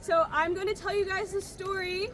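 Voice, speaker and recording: A woman's voice: very high-pitched, steady tone, moderate pace, a bit bright. A young woman in her twenties, a student from the United States, speaking hesitantly and wearily to a crowd outdoors. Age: 20s. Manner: hesitant, tired, many ums. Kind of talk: personal speech at a rally. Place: outdoor campus green. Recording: outdoor rally with crowd noise.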